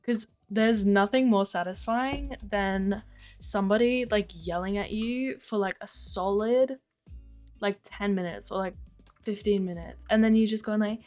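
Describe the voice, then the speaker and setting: A woman's voice: mid-range voice, normal speed, faint music behind. A young Australian woman on a live stream, casually telling stories with lots of "like", swearing and frequent laughter. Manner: chatty storytelling, heavy use of 'like', swearing, laughing. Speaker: livestreamer.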